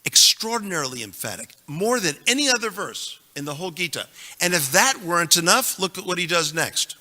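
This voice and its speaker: A man's voice: sits high, sing-song, brisk, pushed and bright, long reverb tail. A man teaching a class on scripture, reciting verses with emphasis and making joking asides to his audience. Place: temple hall.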